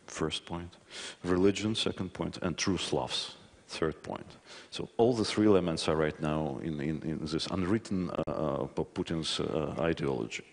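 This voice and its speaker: Deep-voiced guy giving a talk, lots of uhs and restarts, long hall echo. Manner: hesitant, many fillers and restarts. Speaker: conference speaker. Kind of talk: conference talk.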